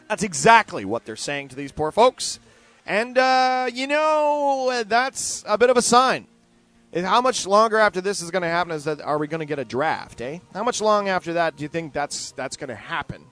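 A man hosting his own show, reading out news stories and commenting on them, animated and sardonic, swinging between loud outbursts and muttered asides. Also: high voice, brisk, no echo. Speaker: podcast host.

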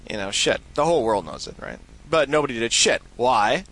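A man's voice: mid-range voice, big pitch swings, a little fast, a bit bright. A man hosting a show, rambling and sarcastic as he comments and reads listener mail, swearing freely and repeating himself. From Canada. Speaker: show host. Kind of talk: casual solo commentary, reading listener mail.

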